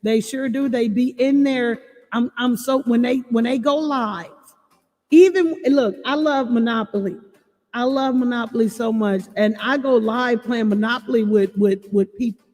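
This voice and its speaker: A woman chatting on a livestream, warning parents and reading out chat comments in an animated way. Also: a little high, moderate pace. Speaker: livestream host. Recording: long reverb with faint music.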